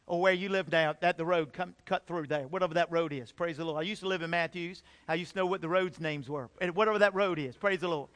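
A middle-aged man preaching a sermon, telling his own story with emphatic testimony-style swings from loud to hushed. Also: high voice, clean tone. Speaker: pastor.

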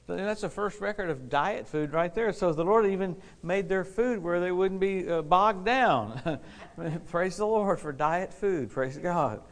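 Exuberant preacher man, slightly high voice. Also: measured pace. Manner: exuberant, laughs often, repeats key phrases for emphasis. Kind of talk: lively sermon with anecdotes. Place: church service with a responding congregation.

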